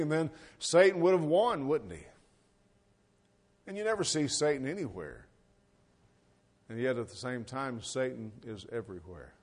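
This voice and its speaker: A man's voice: medium pitch, a little mellow. Folksy man preaching a sermon. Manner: folksy, conversational preaching with rhetorical questions. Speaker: pastor.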